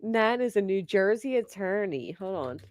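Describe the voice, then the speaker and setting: A woman hosts a casual livestream, gossiping and reading viewer comments aloud with frequent laughter. Her mid-range voice is expressive and moves at a normal speed.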